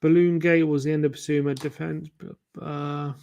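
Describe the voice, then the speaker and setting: A man's voice: a little high, level tone, moderate pace, darkish tone. Man thinking aloud on a livestream. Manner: thinks aloud, muttering guesses to himself. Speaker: fan channel host. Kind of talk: casual livestream chat while playing a quiz.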